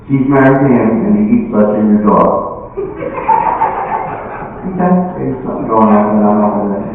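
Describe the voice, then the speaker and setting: A man's voice: fairly low pitch, animated, slight background noise. A man performing stand-up comedy for seniors, delivering punchy jokes and briefly voicing the characters in them. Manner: punchy joke delivery with quick voiced characters. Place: room at a senior living community. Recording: echoey hall, distant mic, phone-like sound.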